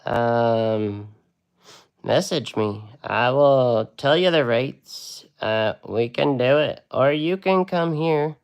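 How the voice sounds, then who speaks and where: A man's voice: mid-range voice, expressive, slow, clear, resonant tone. A man teaching a casual live watercolor lesson, chatty and rambling with laid-back slang. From United States.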